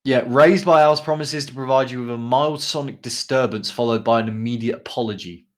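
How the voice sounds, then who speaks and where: A man with a mid-range voice co-hosts a laid-back podcast, reading band descriptions at a brisk clip. He fills the reading with lots of ums and side comments.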